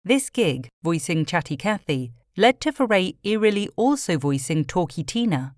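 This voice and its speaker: A woman's voice: fairly low pitch, big pitch swings, dry recording. Woman narrating a documentary, dry sound. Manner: measured, informative. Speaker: podcast narrator.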